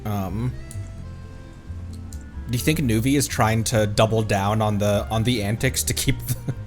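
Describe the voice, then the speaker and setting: A man's voice: lowish voice, fairly even intonation, unhurried, soft background music. A male streamer giving casual gameplay commentary, joking, laughing often and talking back at the game.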